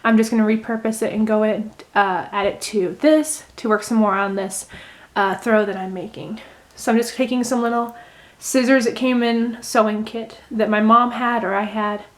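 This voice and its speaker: A woman chatting casually in a how-to craft video, rambling gently and thinking aloud with many fillers. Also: a little high, steady tone, normal speed. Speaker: crochet vlogger. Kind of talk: casual how-to chat while unraveling knitting.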